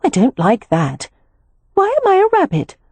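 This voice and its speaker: A woman reading an audiobook, voicing a lively young woman who is amused and a little skeptical. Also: mid-range voice, moderate pace, husky, no echo, voice pushed up. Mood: wry. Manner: wry and teasing.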